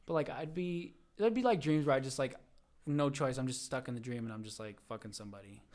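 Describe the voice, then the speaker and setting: A man's voice: medium pitch, fast, a little mellow. A young man telling a rambling dream story on a podcast, full of fillers and acted-out quotes. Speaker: podcast guest. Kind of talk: casual chat.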